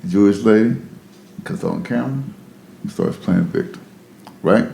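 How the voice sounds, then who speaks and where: A man's voice: fairly low pitch, measured pace, gravelly, mellow, roomy sound. A man telling a story in a casual podcast chat, loose and rambling, checking in with "right?".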